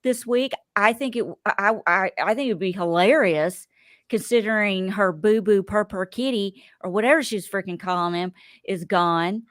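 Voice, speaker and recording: A woman's voice: medium pitch, moderate pace, no echo, studio quality. A woman hosting a podcast in casual chat, rambling and chatty with many fillers. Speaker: podcast host.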